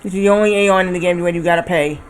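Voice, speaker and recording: A man's voice: high-pitched, steady tone, fast talker, faint music behind. A man in his thirties chatting casually while streaming a game, rambling and often correcting himself. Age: 30s. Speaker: livestreamer.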